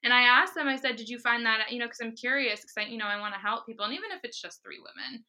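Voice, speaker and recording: A young adult woman talking as a podcast guest, telling her story in a lively, laughing way. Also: on the high side, racing. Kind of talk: casual interview chat.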